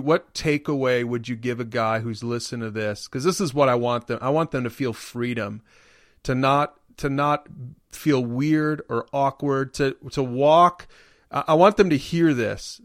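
A man's voice: medium pitch, no room sound, clean studio sound. A man hosting a podcast, asking questions and encouraging his co-host. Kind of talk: casual podcast conversation.

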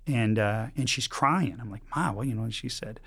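A middle-aged man from Michigan, a priest guest, telling stories in a lively way with quick bursts and many restarts. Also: fairly low pitch, vocal fry. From Michigan, United States. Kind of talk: casual storytelling chat.

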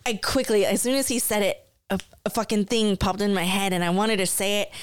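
A woman's voice: medium pitch, fairly even intonation, a little fast, clear, resonant tone, no echo, studio quality. A woman co-hosting a casual podcast, telling a story in a sarcastic, laughing way. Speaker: podcast co-host.

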